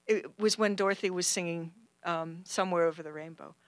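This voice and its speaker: A woman telling a true personal story on stage, animated and acting out the people in it. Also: fairly low pitch, fairly quick, hardly any pauses, no room sound. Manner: animated, acts out quoted voices. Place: stage at a film center.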